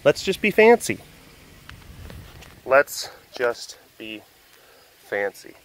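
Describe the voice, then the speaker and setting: A man keeping big cats, narrating a casual vlog outdoors and cooing softly at the animals in baby talk. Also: mid-range voice, sing-song, drawn-out words. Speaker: big cat keeper.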